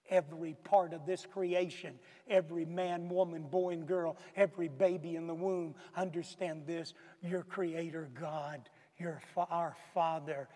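A man's voice: a little high, steady tone, moderate pace, few pauses, a little mellow. A man preaching a sermon to a congregation, pressing his point with repeated rhetorical questions. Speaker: pastor. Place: church sanctuary. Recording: long reverb of a large hall.

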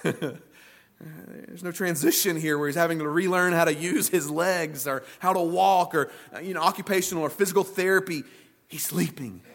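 Earnest, slightly high-voiced male preacher. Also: fairly bright tone. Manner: earnest, emphatic preaching with repeated phrases and restarts. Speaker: pastor. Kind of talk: sermon.

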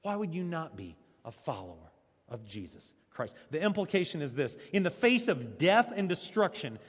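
A male pastor preaching a sermon, swinging between loud, emphatic lines and hushed ones. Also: on the high side, sing-song, moderate pace, husky. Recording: long church reverb.

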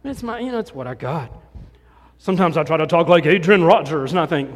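A middle-aged man preaches a conversational sermon from a church sanctuary, his expressive voice a little high and his speed normal. He's folksy and self-deprecating and frequently restarts sentences, with long hall reverb on the recording.

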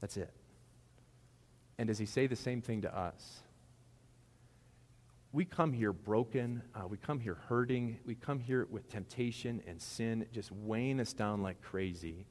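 A man preaching a sermon in a conversational, animated way, with casual asides to the congregation. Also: on the low side, measured pace, pauses often. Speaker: pastor. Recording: long hall reverb.

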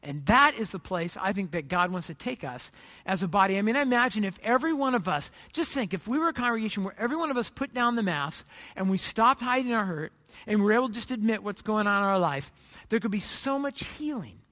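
A man's voice: high voice, lively intonation, quick pace, bright, forceful tone, big-room sound. A man preaching a sermon as pastor, earnest and conversational, acting out little scenes from church life.

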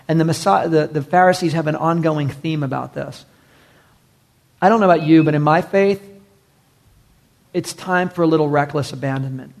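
A man's voice: on the high side, moderate pace, creaky, pauses often, a little mellow. A man preaching a sermon in a passionate, conversational way, acting out quotes as he goes.

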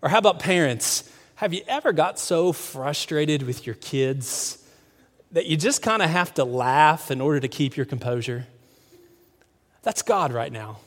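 A man's voice: a little high, expressive, a little slow. A male pastor preaching a sermon in a church, conversational, often asking the congregation questions. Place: church sanctuary. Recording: long hall reverb.

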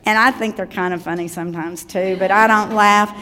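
A woman's voice: mid-range voice, fairly even intonation, fairly quick. An older woman with a Southern accent, giving a chatty talk to parents on children's manners and telling stories with asides. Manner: chatty, warm storytelling with asides. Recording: long hall reverb.

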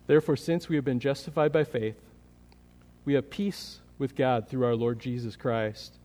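Earnest preacher in a reverberant church. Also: male voice, mid-range voice, fairly even intonation, moderate pace. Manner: earnest, builds energy then softens into quiet prayer. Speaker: pastor. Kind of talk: sermon. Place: church sanctuary. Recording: long hall reverb.

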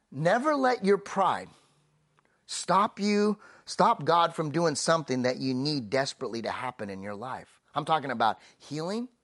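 Preaching emphatically, this man, a pastor, draws out important phrases and drops his voice quiet and low as each idea closes.

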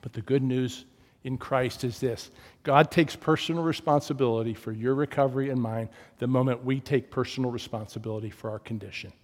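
A man preaching a sermon as pastor, telling stories and swinging from loud emphasis to hushed, low tones. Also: steady tone, fairly quick, in a large hall.

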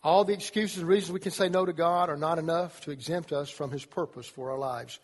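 A man preaching a sermon to young people as a youth pastor, animated, acting out voices as he tells the story. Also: on the high side, a little fast. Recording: long reverb of a large hall.

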